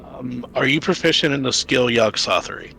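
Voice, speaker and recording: A man narrating as game master in a tabletop game, describing scenes deliberately with occasional fillers. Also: medium pitch, creaky, bright, forceful tone, a little hiss or hum.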